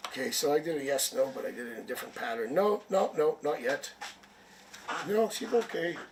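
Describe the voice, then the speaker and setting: Man, tarot reader, live-stream chat, rambling, jokey, slightly high pitch. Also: brisk, distant mic, noisy background. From Canada. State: sniffly with a headache.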